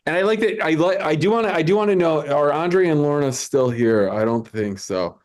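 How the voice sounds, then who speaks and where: A man's voice: fairly high pitch, expressive, a little mellow. A man hosting an online comedy show over a video call, chatting loosely with many stammered restarts. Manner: rambling, stammering restarts, quick asides. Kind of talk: casual live-stream banter. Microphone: video call mic.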